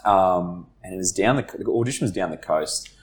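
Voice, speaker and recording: Man, lowish pitch, casual storytelling, self-deprecating, laughs often. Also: moderate pace, slight background noise. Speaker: podcast co-host. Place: studio.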